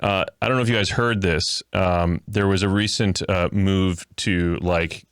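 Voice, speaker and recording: Male podcast host, lowish voice, jokey and loose. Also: steady tone, unhurried, clear, resonant tone, no echo, studio quality. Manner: joking, rambling with many fillers. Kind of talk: casual interview chat.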